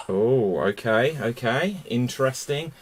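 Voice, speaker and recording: A man hosting a live online improv comedy show, brisk and amused, often repeating himself. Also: mid-range voice, lively intonation, husky.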